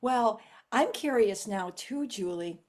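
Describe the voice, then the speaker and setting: A woman hosting an interview, gushing and animated, quick to laugh in casual chat. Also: mid-range voice. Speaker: interview host.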